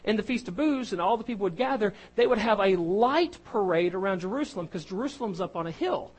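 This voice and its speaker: A man's voice: sits high, animated, fast, husky, rough recording. A man preaching a sermon, talking in a conversational way that builds in force. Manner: conversational preaching, grows louder and more emphatic.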